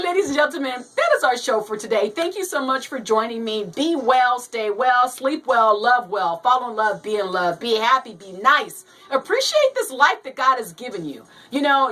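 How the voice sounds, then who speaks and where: A woman's voice: a little high, big pitch swings, moderate pace, hardly any pauses, pushed and bright, far from the mic, rough recording. A woman hosting a casual show, chatting and reading a joke aloud, laughing often and acting out the voices as she reads. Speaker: host.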